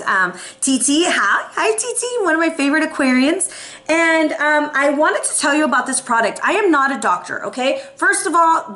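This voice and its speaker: A woman giving a casual, playful tarot reading to her viewers, chatting and giving shout-outs. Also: high-pitched. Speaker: tarot reader.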